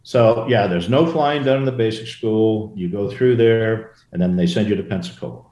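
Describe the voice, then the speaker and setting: An older man with a low, mellow voice recalls his flying days in a relaxed interview. He rambles, restarting sentences and wandering into asides. The room around him sounds echoey. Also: moderate pace. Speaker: former Marine aviator guest. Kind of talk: casual interview storytelling. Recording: roomy echo.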